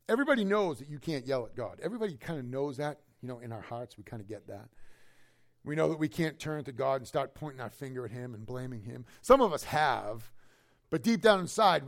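A pastor preaching an expository sermon to his congregation in church, talking conversationally and swinging between loud, emphatic lines and hushed asides. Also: fairly high pitch. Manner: conversational, keeps checking in with the listeners.

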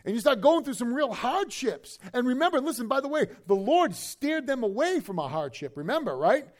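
A man preaching a sermon in a conversational, animated way, slipping into quick acted asides. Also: very high-pitched.

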